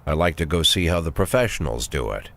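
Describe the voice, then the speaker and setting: A man's voice: extremely low pitch, animated, a little fast, noisy background. A man voicing a world-weary police chief of sixty, narrating the game in a dry, sardonic inner monologue. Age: 60s. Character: aging gruff male police chief, cynical, world-weary.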